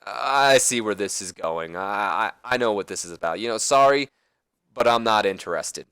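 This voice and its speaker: A man's voice: lowish voice, animated, normal speed, pushed and bright, clear, resonant tone, no room sound. A man voicing a wary, guarded young male wrestling champion, curt and dismissive.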